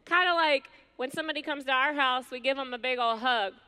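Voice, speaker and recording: A middle-aged woman preaching a sermon to women, earnest and conversational, with slow, emphatic pauses. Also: high voice, sharp tone, clean tone. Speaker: women's ministry speaker.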